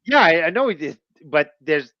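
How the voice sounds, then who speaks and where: A man's voice: on the high side, sing-song, normal speed, dry recording, muffled recording. A man from Canada co-hosting a casual chat, hesitant and stammering with repeated words. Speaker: co-host.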